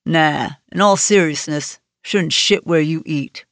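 A woman's voice: sits low, slow pace, no echo. A woman narrator voicing a cocky, crude male agent who talks in a wisecracking, folksy way in an audiobook. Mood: teasing. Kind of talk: audiobook character voice.

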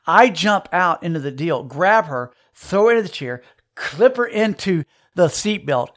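A man's voice: high voice, a little slow. A male pastor, telling a folksy personal story during a sermon. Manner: folksy storytelling, animated retelling.

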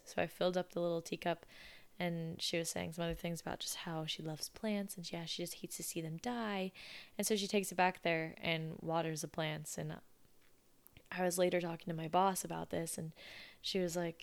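A woman's voice: on the low side, flat delivery, normal speed, gravelly. A woman in her twenties telling stories in a chatty, sarcastic, casual way. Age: 20s. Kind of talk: casual storytelling.

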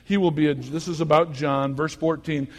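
A male pastor preaches a sermon in a high, bright voice that carries a long reverb through the church. He drops to quiet, teacherly talk and then climbs into loud exhortation. When he gets worked up, he repeats and stumbles over his words. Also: steady tone, normal speed. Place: church sanctuary. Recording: long echo of a church hall.

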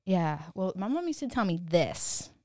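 A woman's voice: mid-range voice, sing-song, moderate pace, darkish tone, dry recording, clean studio sound. A woman in her thirties hosting a solo podcast, talking in a rambling, candid way, full of "like" and "you know", and swearing freely at times. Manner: swears freely when quoting her younger self. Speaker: podcast host. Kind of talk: casual solo podcast monologue.

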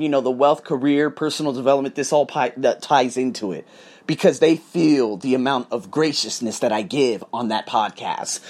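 A man tutoring and podcasting, talking in a casual vlog monologue and telling punchy, profane stories with quoted dialogue acted out. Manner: animated storytelling with acted-out quotes; profane and punchy, repeats "boom".

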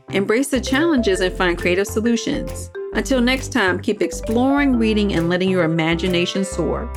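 A woman narrates a children's story and hosts the show in a gentle storytelling manner. Her voice is even and mid-pitched. Soft music plays faintly underneath. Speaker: narrator and host.

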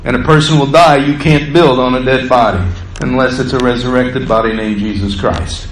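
A man preaching a sermon as pastor, acting out quotes with rising pitch and volume. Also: fairly even intonation, moderate pace, a little hiss or hum. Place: church sanctuary. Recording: echoey church room, faint ambience.

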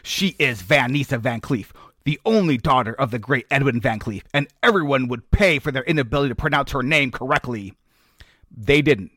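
Telling invented game lore with exaggerated drama, a podcast co-host cracks himself up at his own jokes. His medium-pitched voice is bright and forceful at a normal pace, recorded at studio quality with no room sound.

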